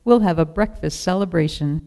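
A reader voicing a tired, kind shepherd and father in a storybook, in a calm fatherly way. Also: mid-range voice, moderate pace, lightly acted. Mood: warm. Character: weary kind male shepherd, father of two sons. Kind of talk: storybook reading.

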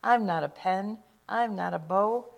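A woman's voice: mid-range voice, a little slow, vocal fry. A woman voicing Stickman, a small earnest stick man, in a storybook reading, repeating a sing-song refrain. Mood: pleading.

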